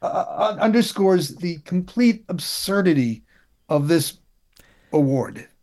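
A man in casual political talk, wry and indignant, often halting and restarting his sentences. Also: sits high, big pitch swings, a little mellow. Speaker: political commentator.

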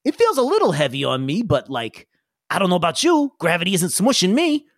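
A man puts on an eager male alien mechanic with a tail for a tabletop game, rambling on in drawling slang. The voice sits fairly high and swoops up and down. It is recorded close and dry. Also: wildly swooping pitch, brisk, no room sound, exaggerated voice.

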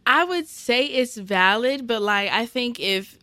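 Smooth-voiced young woman co-host. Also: fairly high pitch, a little slow, no echo. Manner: relaxed, agreeing, recapping news with fillers. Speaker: podcast co-host. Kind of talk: casual chat.

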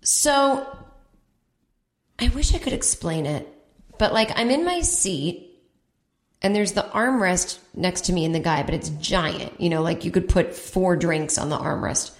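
Animated woman comedian telling a story. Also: unhurried, echoey room. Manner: animated, acts out voices with big pitch jumps. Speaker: podcast host and comedian. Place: home in Brooklyn.

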